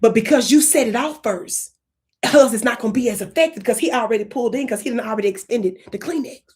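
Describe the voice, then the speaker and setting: A woman hosting a comedic livestream, talking to her viewers in an animated, playful way, with sudden whispers and slow, drawn-out words. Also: on the high side. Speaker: channel host.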